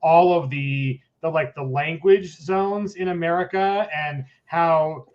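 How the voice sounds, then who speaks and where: A man's voice: a little high, slow. A man from Colorado hosting a casual chat interview, rambling and joking, with lots of fillers and restarts. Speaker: host. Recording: dull, lo-fi audio.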